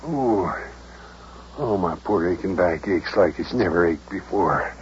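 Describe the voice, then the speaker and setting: An actor playing a fussy, lovesick older country mayor in a children's radio drama, with folksy rural grammar and melodramatic complaints. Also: male voice, on the high side, lively intonation, moderate pace, darkish tone, close to an everyday voice. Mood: complaining. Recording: dull old radio recording, faint hiss.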